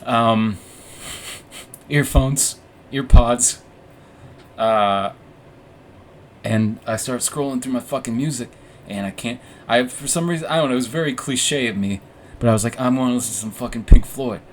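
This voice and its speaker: A young man rambles through a personal story in a loose, profane monologue, laughing at himself and restarting his sentences. His voice sits at an ordinary middle pitch. A faint ambient hum sits behind him. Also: moderate pace. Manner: rambling, profane, self-mocking, with frequent restarts and fillers. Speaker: podcast host. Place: room with warm orange lighting.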